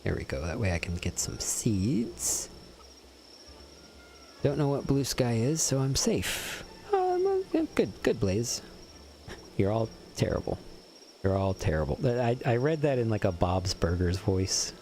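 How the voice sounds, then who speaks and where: A man's voice: mid-range voice, huge pitch swings, measured pace, darkish tone, a little hiss or hum. A young man streaming a game, chatting casually and teasing his viewers as he reads their messages aloud. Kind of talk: casual gameplay commentary.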